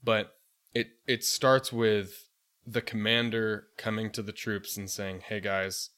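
Grave man, lowish voice, storytelling. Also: fairly even intonation, takes it slowly, sharp tone. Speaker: podcast co-host. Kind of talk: casual podcast discussion.

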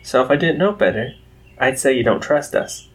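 A man's voice: medium pitch, animated, moderate pace, close to an everyday voice. A man voicing a wry, sarcastic male military colonel with a dry, teasing delivery.

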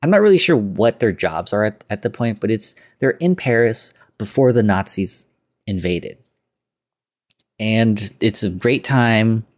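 Male podcast host, slightly low-pitched, rambling casual recap. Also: expressive, measured pace. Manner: loose retelling with quoted lines and filler words.

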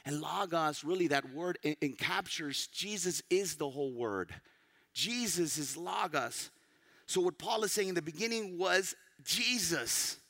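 A man's voice: high-pitched, lively intonation, a little slow. A man preaching a teaching sermon who tells listeners what to underline, pressing key words hard and sometimes sinking to a near-whisper. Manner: emphatic, rising to loud stresses and dropping to near-whispers.

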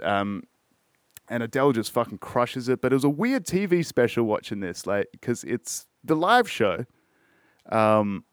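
A man's voice: mid-range voice, smooth, no room sound, studio quality. A man hosting a casual music podcast, rambling and swearing often, full of fillers and restarts. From Australia. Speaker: podcast host.

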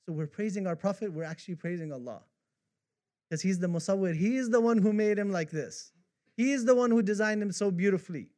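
A man's voice: high-pitched, a little fast, darkish tone. A man preaching a devotional sermon, reciting poetry with fervor and repeating himself as the feeling builds. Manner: impassioned, rising to fervent recitation of poetry.

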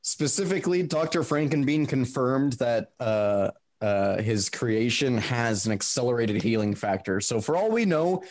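A man co-hosting a podcast in casual chat, animated and profane, quick to laugh. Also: mid-range voice. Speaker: podcast co-host.

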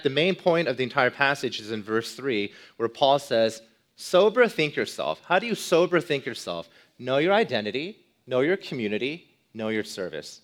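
Emphatic male pastor preaching. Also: medium pitch. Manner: emphatic, repeats key words and asks the listeners questions. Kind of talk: expository sermon.

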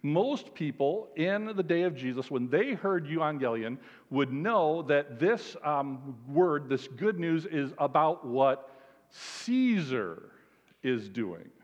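A man, a pastor, delivering an emphatic, animated sermon with lots of repetition. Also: fairly high pitch, slow. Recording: dull sound, long hall reverb.

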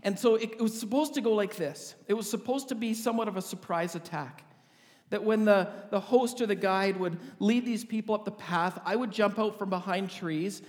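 A man's voice: high voice, normal speed, big-room sound. A man, a pastor, telling a humorous story in a vivid storytelling sermon.

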